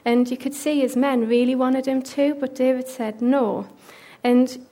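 A woman retelling a Bible story with commentary, expressive and dropping to whispers for suspense. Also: sits high, unhurried. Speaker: Bible teacher.

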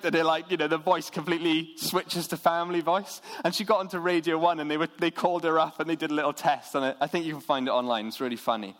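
A man's voice: a little high, fast talker, few pauses. A man preaching an earnest, conversational sermon to his church. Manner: earnest, conversational, with lively imitated voices.

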